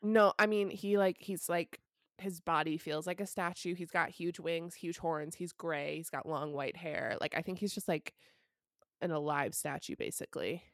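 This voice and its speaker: A woman co-host chats loosely and laughs often. Her voice sits a bit low. The sound is dry and close. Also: fairly even intonation, moderate pace, no room sound. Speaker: podcast co-host. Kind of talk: casual chat.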